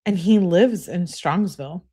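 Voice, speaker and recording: A woman voices a young girlfriend who complains and pleads in every text. The pitch sits somewhat higher than the reader's usual, and the tone is nagging and needy. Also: measured pace, warm tone, breathy edge. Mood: whiny. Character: whiny young woman texting her boyfriend.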